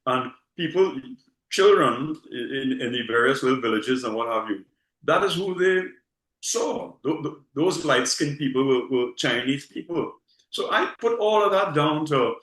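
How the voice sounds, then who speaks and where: A man's voice: mid-range voice, a bit bright. Trinidadian guy just chatting, keeps saying okay?, echoey room. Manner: repeats words, leans on rhetorical "okay?". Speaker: guest. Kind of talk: casual conversation.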